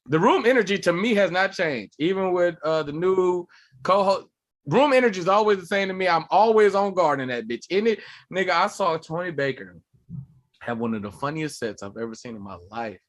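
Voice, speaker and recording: A man, a comedian and podcast co-host, telling animated, profane stories in casual chat. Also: high voice, fairly quick.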